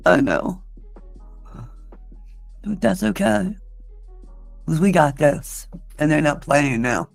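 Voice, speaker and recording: A woman's voice: sits low, lively intonation, slow, vocal fry, pauses often, no room sound, faint music behind. A woman on a livestream in an angry, indignant rant, cursing and defensive.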